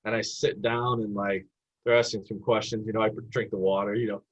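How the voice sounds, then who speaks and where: Husky-voiced man telling lively stories. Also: fairly low pitch, fairly quick. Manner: animated storyteller who acts out the people he quotes. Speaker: assistant basketball coach, guest. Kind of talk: storytelling in a casual podcast interview. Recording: dull lo-fi podcast audio.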